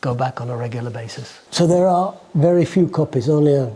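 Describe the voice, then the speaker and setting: A man in his sixties from England, recalling his life in an interview, rambling and halting with restarts. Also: mid-range voice, warm tone, breathy edge. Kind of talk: casual recollection.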